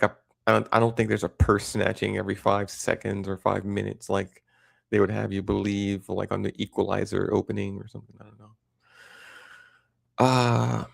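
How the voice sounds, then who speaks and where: A man's voice: on the low side, creaky, no room sound, clean studio sound. A man hosting a livestream, rambling in casual chat with lots of fillers and restarts. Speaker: livestream host.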